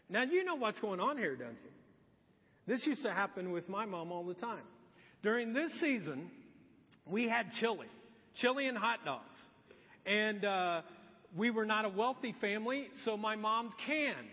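A man's voice: high voice, expressive, unhurried, big-room sound, dull audio. A man preaching a sermon as a pastor, in a casual, joking storytelling manner.

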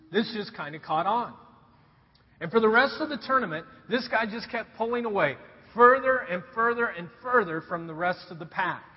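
Male pastor, storytelling sermon, husky tone, muffled hall recording. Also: sits high. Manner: animated storytelling with rhetorical questions. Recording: dull recording in a reverberant hall.

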